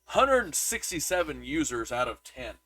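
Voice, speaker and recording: A man's voice: fairly high pitch, big pitch swings, unhurried, bright, forceful tone. A man co-hosting a podcast, chatting casually about a movie and reading reviews aloud, with lots of restarts. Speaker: podcast co-host.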